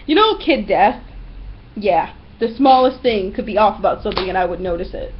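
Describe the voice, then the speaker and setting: A young woman vlogging at home, ranting bluntly and profanely about everyday pet peeves in a casual, animated storytelling manner. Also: medium pitch, moderate pace, lo-fi sound. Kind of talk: casual ranting monologue to camera.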